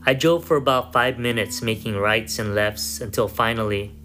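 A man narrating a first-person story in a measured, somber way. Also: medium pitch. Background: soft guitar music.

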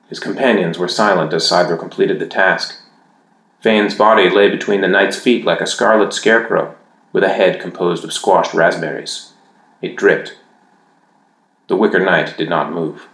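A man narrating a fantasy audiobook in a measured, even storytelling manner. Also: low voice, roomy sound, low-quality recording.

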